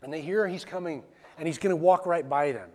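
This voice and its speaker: A man giving a conversational sermon as a pastor, plain-spoken and animated, with casual asides. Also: fairly high pitch, brisk.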